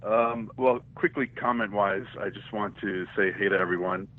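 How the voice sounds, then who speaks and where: A man's voice: fairly low pitch, steady tone, normal speed, slight background noise. A man from New York calling in to a live show, chatty and enthusiastic as he makes a comment. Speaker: caller. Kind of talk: casual call-in comment. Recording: dull lo-fi phone call.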